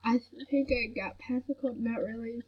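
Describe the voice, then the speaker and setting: Woman, sick, husky and breathy, slow rambling chat, dull lo-fi phone recording. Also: fairly high pitch, fairly even intonation. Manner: soft-spoken, rambling with many fillers. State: sick with a headache. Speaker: vlogger. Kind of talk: casual chat to camera.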